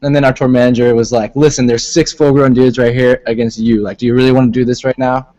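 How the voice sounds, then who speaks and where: A man, a band member guest, jumping in with quick animated additions to a shared story. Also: mid-range voice, dry recording, lo-fi sound. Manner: chiming in, animated. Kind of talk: casual interview chat.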